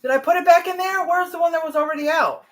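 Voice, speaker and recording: This cooking channel host talks very fast in a very high-pitched voice. Standing in her own kitchen, she chats and rambles straight at the people watching her vlog.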